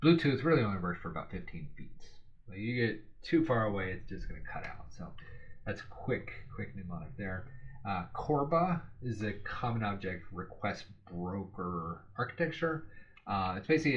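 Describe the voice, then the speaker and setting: A man's voice: fairly low pitch, dull audio. A man giving a casual spoken study lesson, rambling and correcting himself as he thinks aloud with filler words. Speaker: exam study tutor.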